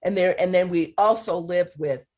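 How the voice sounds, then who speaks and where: A woman hosting a talk show and interviewing her guest in a measured, encouraging way. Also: on the low side, darkish tone.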